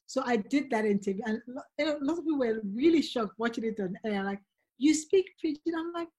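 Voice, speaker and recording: A woman's voice: a little high, lively intonation, fast, a little mellow, slightly rough. A middle-aged woman, a guest author telling stories in earnest and acting out the voices she quotes. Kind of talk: casual conversation.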